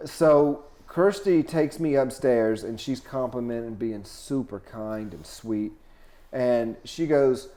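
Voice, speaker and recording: A man who is a touring comedian telling a wild story as a podcast guest, animated and profane, dropping to low asides and rising to loud outbursts. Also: slow pace.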